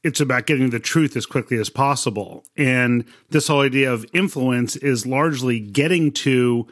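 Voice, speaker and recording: A man with a mid-range voice hosts a conversational interview. He talks in a relaxed way, restarting phrases now and then, and adds his own points to his guest's answers. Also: mid-range voice, moderate pace. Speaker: host, interviewer.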